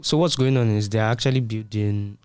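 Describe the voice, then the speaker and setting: A man's voice: fairly low pitch, steady tone, a little fast, a little mellow, clean tone, dry recording. A man co-hosting a tech podcast, explaining points in a casual, conversational way with everyday comparisons. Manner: explanatory, uses everyday analogies. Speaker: podcast co-host.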